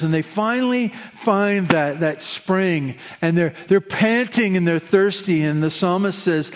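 Male pastor, sermon delivery; animated, chatty, fond of humorous asides, slightly high-pitched.

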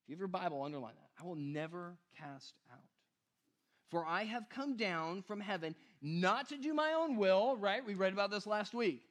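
A pastor with a high voice preaches a sermon, reading scripture and explaining it in relaxed, everyday language. His casual, conversational style keeps checking in with "right?" and "you guys," repeating key points for emphasis.

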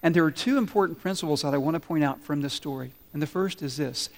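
A man's voice: a little high, quick pace, vocal fry, hardly any pauses. A man preaching a sermon, telling stories and acting out the people in them as he goes. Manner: storytelling preacher, voices the people in the story. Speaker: pastor. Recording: long reverb of a large hall.

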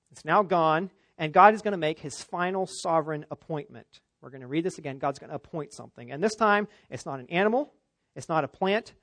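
A male pastor preaches an emphatic expository sermon in a fairly high voice, pushing up on key points and dropping low for quiet asides. The sound is dry and close.

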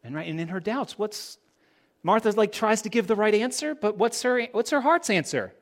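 A male pastor delivers a sermon, leaning on rhetorical questions to draw in his listeners. His voice sits a little high and moves with lively, animated inflection. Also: normal speed.

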